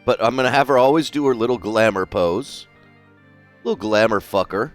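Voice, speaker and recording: A man's voice: fairly low pitch, normal speed, faint music behind. A man live-streaming while he draws, chatting casually, swearing freely and reading out viewers' messages. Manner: chatty, swears freely, reads chat aloud.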